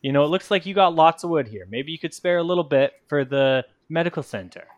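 A man's voice: on the high side, lively intonation, quick pace, dry recording, clean studio sound, lightly acted. A man voicing a friendly, determined male hedgehog-folk carpenter with an easygoing, placating manner.

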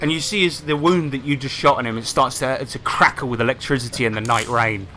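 A man's voice: medium pitch, fast. Game master man, noisy recording. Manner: descriptive, restarts phrases. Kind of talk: narrating a tabletop game.

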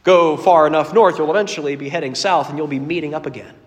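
A man preaching a sermon as a pastor, earnest and storytelling, moving between loud emphasis and quiet asides. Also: on the high side, fast talker, long reverb tail.

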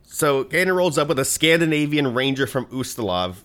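A man's voice: medium pitch, fairly quick. Storytelling man on a podcast. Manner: animated storyteller who swears casually. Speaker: game master and podcast host. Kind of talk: casual chat among friends.

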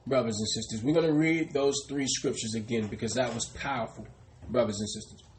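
A man's voice: medium pitch, steady tone, brisk, a little hiss or hum. A man preaching a sermon. He asks questions and answers them himself, and he keeps tagging lines with "brothers and sisters" in a dropping voice. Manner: repeats "brothers and sisters" with falling, quieter tags. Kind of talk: sermon teaching.

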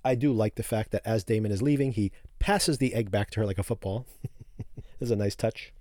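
A man's voice: lowish voice, a little fast, warm tone, no echo, studio quality. A man hosting a podcast, giving an opinionated recap of a TV episode in a casual, chatty way with frequent chuckles. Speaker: podcast host.

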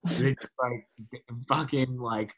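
A man's voice: medium pitch, steady tone, slow pace, fairly bright tone, dull audio. A man co-hosts a casual podcast and tells stories animatedly. He peppers his talk with "like" and "dude" and swears easily. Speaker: podcast co-host.

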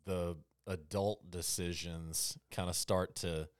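Low-voiced man, smooth and close-miked, reflective podcast co-host. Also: fairly even intonation, no room sound. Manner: reflective, halting with restarts. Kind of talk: casual conversational storytelling.

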